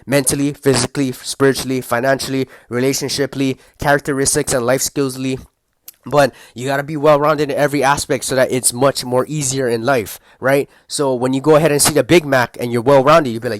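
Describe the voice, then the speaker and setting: A man's voice: mid-range voice, fairly even intonation, brisk, dry recording, studio quality. A young man giving a casual, heated motivational rant, rambling and full of swearing. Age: young adult. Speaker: motivational vlogger.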